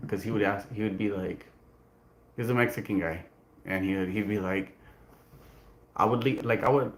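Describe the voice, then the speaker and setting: A man hosting a casual livestream, talking in a rambling way full of restarts and fillers. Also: low voice. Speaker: livestream host.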